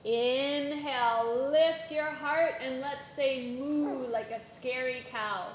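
A woman with a high, light voice guides a children's yoga class in an unhurried, gentle way, cheering the kids on. She sounds a little echoey in the room, with some faint noise behind her. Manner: gentle, encouraging, playful instructions. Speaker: yoga teacher.

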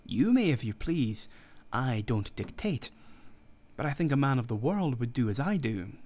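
A man's voice: mid-range voice, sing-song, moderate pace, darkish tone. A cool young doctor with a sneer in his voice, as a man reads him aloud. He talks like a man of the world, dismissive and unbothered. It belongs to a storybook narration. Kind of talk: audiobook character reading.

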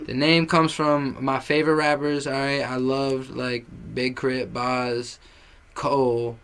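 A young man as a podcast guest, talking in an excitable, casual way, swearing freely and spelling things out letter by letter. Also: medium pitch, slow pace, clear, resonant tone. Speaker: guest musician.

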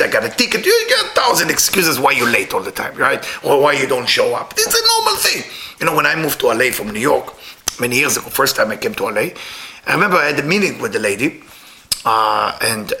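A man's voice: medium pitch, bright, forceful tone, slight background noise. A middle-aged man giving a sermon as a rabbi, telling stories animatedly with chuckles and non-native English phrasing. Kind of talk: sermon with storytelling.

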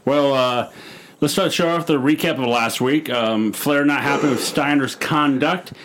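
A man's voice: medium pitch, normal speed, fairly bright tone, slight background noise. A man hosting a casual podcast, joking around and rambling through a recap with lots of fillers. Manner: jokey, rambling, many fillers. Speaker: podcast host. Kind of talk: casual chat recapping wrestling.

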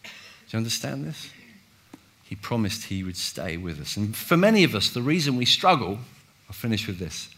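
A man's voice: lowish voice, very animated, normal speed, fairly bright tone, husky. A man preaching a sermon in a church, emphatic and repeating words, acting out quotes with big swings in volume. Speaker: pastor.

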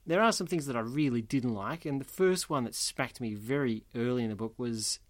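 A man's voice: mid-range voice, brisk, no echo. A man co-hosting a casual book discussion, who laughs often and reads quotes aloud expressively. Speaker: book podcast co-host.

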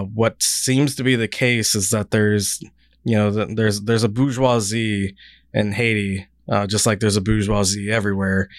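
A man with a low, smooth, resonant voice, recorded dry and close. He hosts a podcast in loose, casual chat, rambling and dropping swear words as he goes. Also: no room sound. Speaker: podcast host.

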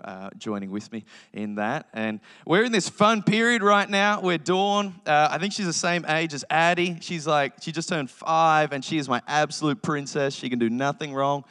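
A man in his thirties preaches with bright, forceful energy, his voice sitting a little high. He jokes through family stories and acts out quick impressions. The sound rings with the long reverb of a large church hall. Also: clear, resonant tone. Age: 30s. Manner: energetic, joking storytelling with animated impressions. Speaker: pastor. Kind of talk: sermon.

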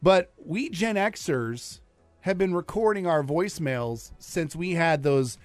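A man's voice: fairly high pitch, expressive, slow pace, soft background music. A man in his forties hosting a radio show, chatty and upbeat in casual banter. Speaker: radio host.

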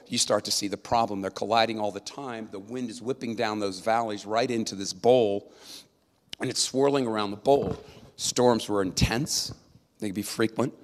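A man preaching a sermon in a conversational, emphatic way, often checking in with his listeners. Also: fairly low pitch. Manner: conversational, emphatic, with tag questions. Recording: long reverb of a large hall.

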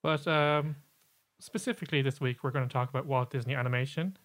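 A man's voice: mid-range voice, fairly even intonation, brisk, fairly bright tone. Man, podcast co-host, casual and explanatory, filler-heavy delivery. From Ireland. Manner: chatty, explanatory, with many fillers and restarts.

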